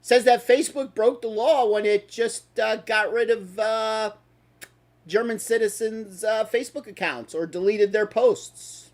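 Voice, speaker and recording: A man's voice: high-pitched, a little slow. A man hosting a talk stream, ranting in an angry, sarcastic and profane way. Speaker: host.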